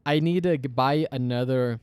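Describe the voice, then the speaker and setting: A man's voice: medium pitch, normal speed, darkish tone, clean tone, no room sound, clean studio sound. A man co-hosting a podcast, chatting casually in a giggly, rambling, playful way into a mic on an arm. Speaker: podcast co-host.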